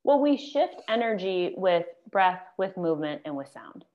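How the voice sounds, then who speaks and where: A woman's voice: fairly low pitch, sing-song, normal speed, dull audio. A woman who guides breathwork sessions, chatting casually in an encouraging, coaching tone. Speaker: breathwork facilitator. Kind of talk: casual chat about breathwork.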